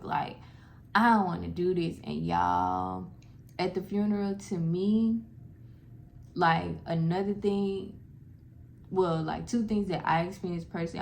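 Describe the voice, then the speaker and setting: A young woman speaks straight to her viewers, telling a personal story in a loose, heartfelt way and calling them "y'all". Her voice sits a little low and carries a gravelly fry. Faint noise runs under the recording. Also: a little mellow. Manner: casual, heartfelt, addresses viewers as "y'all", many "like" fillers. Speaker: vlogger sharing a personal story. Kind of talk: emotional personal storytelling to camera.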